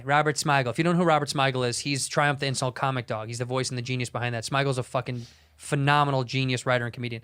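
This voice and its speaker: A man telling a rambling, profane story in a casual, animated way. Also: medium pitch, quick pace, clear, resonant tone.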